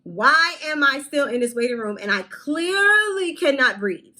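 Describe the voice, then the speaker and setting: A young woman in her twenties, telling a storytime vlog in a candid, animated way with casual swearing. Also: sits high, measured pace, low-quality recording. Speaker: vlogger.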